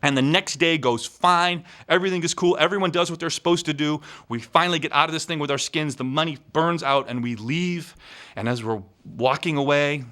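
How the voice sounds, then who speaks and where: A man telling a funny personal story in an animated, wry way. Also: a little high, fairly quick. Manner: animated, wry, acts out quoted voices. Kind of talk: live storytelling.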